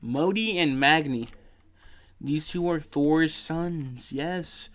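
A man's voice: a little high, takes it slowly. A sleepy, yawning man hosting his podcast, casually recapping a video game's story in a rambling way, full of fillers and swearing. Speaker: podcast host.

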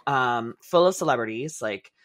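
A man's voice: mid-range voice, moderate pace. A young man chats on his podcast, his voice in a middling register. He tells stories with gusto, swearing often and laughing his way through the punchlines. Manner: animated, profane storytelling with bursts of laughter. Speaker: podcast co-host. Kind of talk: casual chat.

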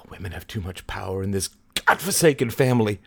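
A man voicing an agitated young gentleman who talks in an anguished, stammering, reproachful way. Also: on the low side, lively intonation, normal speed, gravelly, no echo, voice pushed down.

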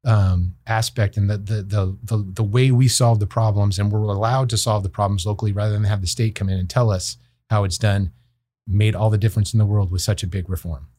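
A man speaking as a guest on a podcast interview, a county probation chief explaining things in a measured, thoughtful way with frequent fillers and restarts. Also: lowish voice, fairly even intonation, mellow, no echo.

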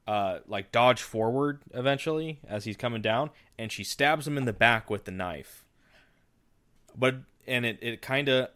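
A podcast host casually retells a story, rambling loosely with frequent fillers and restarts. His voice sits on the low side and is a bit bright.

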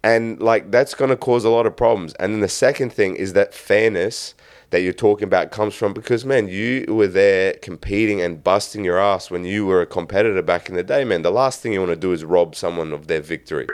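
Male podcast host, low voice, relaxed and chatty. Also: a little fast, smooth. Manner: relaxed, loose, says "man" constantly. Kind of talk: casual interview talk.

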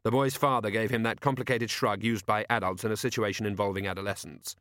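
A man's voice: fairly low pitch, steady tone, quick pace, a bit bright, no room sound. Man with a dry, close narrating voice. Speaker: audiobook narrator. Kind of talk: scripted narration.

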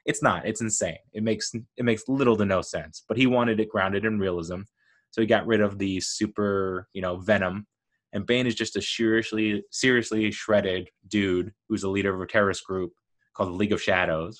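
A man's voice: on the low side, fairly even intonation, moderate pace. A man hosting a solo movie podcast, talking casually in a rambling, jokey way that keeps interrupting itself. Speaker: podcast host.

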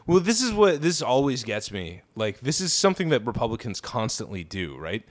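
A man's voice: medium pitch, sing-song, fairly quick. A man co-hosting a podcast, ranting and swearing through casual political chat, laughing often. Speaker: podcast co-host.

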